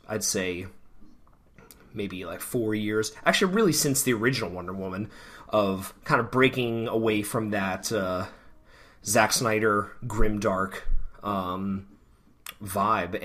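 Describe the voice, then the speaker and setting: A man with a slightly low voice offers a balanced, hedging take in a casual podcast chat. He talks steadily, padding his points with ums and you-knows. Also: fairly bright tone. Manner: measured, hedging, filler-heavy. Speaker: podcast host.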